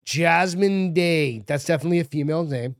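A man's voice: fairly high pitch, brisk, no echo, studio quality. A man co-hosting a casual podcast, reading news stories aloud and cracking crude jokes. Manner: joking, crude, reads quotes aloud. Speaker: podcast co-host.

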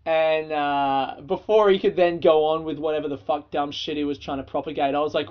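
An Australian man hosts a solo podcast and tells stories in a loose, profane, casual way, laughing as he goes. His voice sits a little high. The sound is slightly dull and lo-fi. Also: fairly even intonation, fairly quick, few pauses. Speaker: podcast host.

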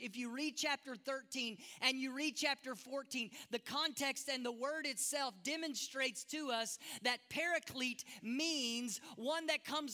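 A man's voice: very high-pitched, sharp tone. A man preaching a sermon as pastor, emphatic, with self-deprecating asides, in a church sanctuary. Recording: long reverb of a large hall.

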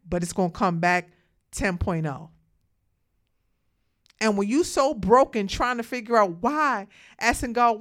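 A woman talking straight to her viewers in a casual, outspoken monologue, calling them "hunties" and preaching about letting people be happy. She mentions having the hiccups. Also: fairly high pitch. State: has the hiccups.

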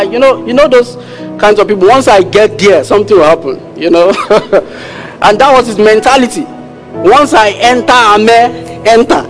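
A man preaching a sermon as a pastor, telling stories and acting out the dialogue of their characters with animated pitch jumps. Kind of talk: sermon storytelling.

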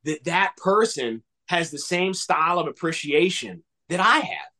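Animated storytelling man from Pennsylvania. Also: unhurried. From southwestern Pennsylvania. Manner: animated, acts out dialogue with big swings in pitch. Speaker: podcast guest, toy collector. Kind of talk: casual storytelling.

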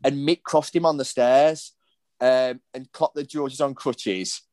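A man's voice: medium pitch, fairly even intonation, measured pace, a little mellow, no echo. A man, hosting a podcast and telling rambling anecdotes in casual chat. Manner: anecdotal, rambling storytelling with restarts. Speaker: podcast host.

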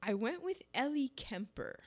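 A woman co-hosting a casual chat about films, talking emphatically and jumping up in pitch when excited. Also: measured pace.

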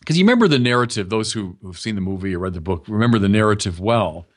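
A man preaching a sermon in an emphatic, animated way, speeding up and slowing down for effect. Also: on the low side.

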